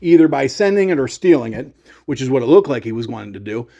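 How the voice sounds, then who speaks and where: A man telling a casual story as a rant on his gear channel, sarcastic and animated. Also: mid-range voice, quick pace, creaky.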